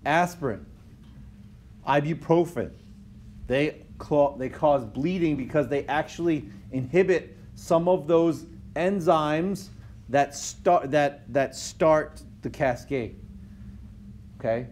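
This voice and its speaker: A man's voice: fairly high pitch, takes it slowly, a little mellow, a little hiss or hum. A male instructor giving a recorded whiteboard lecture in a conversational way, often checking in with "okay?" and correcting himself mid-phrase. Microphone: tablet microphone.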